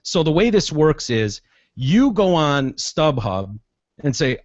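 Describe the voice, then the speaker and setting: Chatty male podcast host, slightly high and expressive, profane storyteller; dull, dry recording. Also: unhurried, no room sound. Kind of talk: casual chat.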